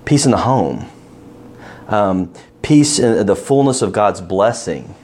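A man leading an interactive Bible study, asking his class questions and stressing key words with animated emphasis. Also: fairly low pitch, slow.

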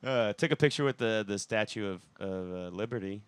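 A man's voice: on the low side, fairly quick, smooth. A man chatting casually, rambling and swearing freely while he tells stories. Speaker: band member, songwriter. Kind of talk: casual podcast chat.

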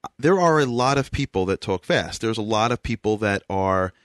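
A man's voice: fairly low pitch, expressive, moderate pace, a bit bright, no room sound, clean studio sound. A man with a New York accent hosting a radio interview show, emphatic and enthusiastic in his delivery.

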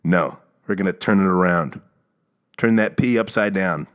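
Deep-voiced rambling podcast man. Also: normal speed, a bit bright, smooth. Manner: sarcastic, rambling, with stammered restarts and mock outrage. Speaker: podcast host. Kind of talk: casual solo rant.

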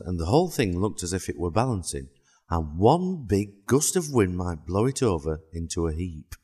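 Deep-voiced man reading a children's story. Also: darkish tone, breathy edge. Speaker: narrator. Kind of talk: storybook narration.

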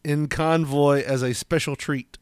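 A man's voice: on the high side, steady tone, measured pace, clear, resonant tone, no room sound, studio quality. A man co-hosting a casual podcast, teasing and laughing a lot as he talks. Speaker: podcast co-host. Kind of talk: casual chat.

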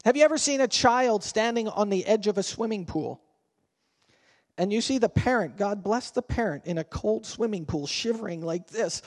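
High-voiced preaching man in a reverberant hall. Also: lively intonation, normal speed. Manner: conversational preaching, asks the congregation questions. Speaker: pastor. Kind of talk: sermon. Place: church sanctuary.

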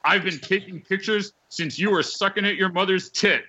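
A man's voice: high-pitched, moderate pace, sharp tone, lo-fi sound, slight background noise, voice pushed up. A man putting on the voice of an obstinate, condescending male rock star who lectures dismissively.

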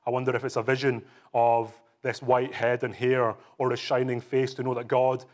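A man's voice: mid-range voice, little pitch movement, moderate pace. A man preaching a sermon, talking earnestly and reading scripture aloud with rising emphasis.

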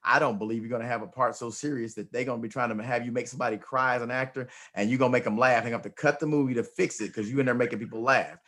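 Man, talk show host, emphatic, repeats his opening words, middle pitch. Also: steady tone, very fast, few pauses, a bit bright. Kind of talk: motivational interview chat.

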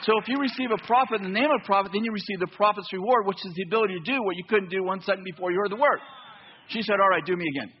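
A man preaching a sermon in a church, telling a story with lively back-and-forth dialogue. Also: sits high, rapid-fire, muffled recording, a little hiss or hum. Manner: animated storytelling, acts out both sides of dialogue. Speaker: pastor.

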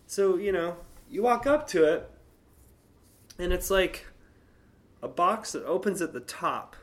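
Man, thirties, casual storytelling monologue, swearing, animated, slightly high voice. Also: a little slow. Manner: animated, swearing, acts out quotes in a higher voice. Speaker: vlogger.

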